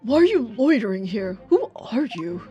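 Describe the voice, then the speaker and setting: A woman's voice: on the high side, very animated, normal speed, warm tone, breathy edge, muffled recording, soft background music, exaggerated voice. A woman voicing an angry male sailor guarding a cabin door, speaking curtly and dismissively. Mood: surly. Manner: curt, dismissive. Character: gruff angry male ship crewman.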